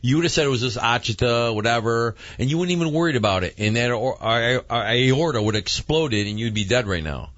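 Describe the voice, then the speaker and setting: A man hosting a casual chat, excitable and repeating words as he gets going. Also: medium pitch, fairly quick, hardly any pauses, no echo. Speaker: podcast host. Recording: dull lo-fi audio.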